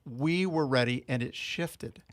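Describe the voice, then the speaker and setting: A radio co-host reading listener text messages on air, gently. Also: mid-range voice, unhurried, dry recording.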